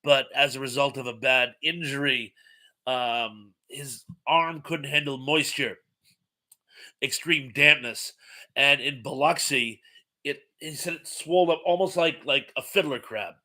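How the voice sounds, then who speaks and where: A man's voice: mid-range voice, measured pace, bright, forceful tone. A man hosting a casual live-stream chat, stuffed up with congestion, rambling and reading viewer comments aloud.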